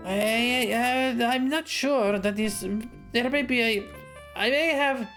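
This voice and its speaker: A man voicing a nervous female spy posing as a shop clerk, speaking in a shaky, halting, stammering way as he reads game dialogue aloud. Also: high-pitched, big pitch swings, soft background music, pitched above the performer's own voice. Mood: flustered. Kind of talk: reading a game's dialogue aloud.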